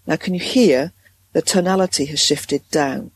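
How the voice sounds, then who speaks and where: A woman coach explains her ideas calmly and shows them as she talks. Her voice is husky, with a gravelly fry underneath. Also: deep voice, moderate pace, no echo, poor audio. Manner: calm, explanatory, demonstrates voice placement. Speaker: transformational coach. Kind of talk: guest explaining and demonstrating.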